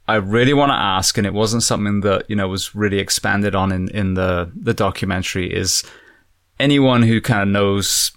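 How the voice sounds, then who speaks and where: A man's voice: on the low side, fairly bright tone, no echo, studio quality. A man hosting an interview, asking long, probing questions that ramble before reaching the point. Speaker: interviewer host. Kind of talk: podcast interview.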